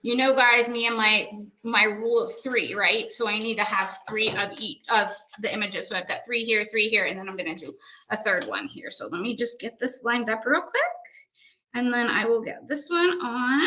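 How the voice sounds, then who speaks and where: A woman's voice: fairly high pitch, normal speed, sharp tone, slight background noise. A middle-aged woman co-hosting a painting livestream, chatting casually and cheerfully to viewers while she paints. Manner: chatty, upbeat, exclaiming to viewers. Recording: echoey room.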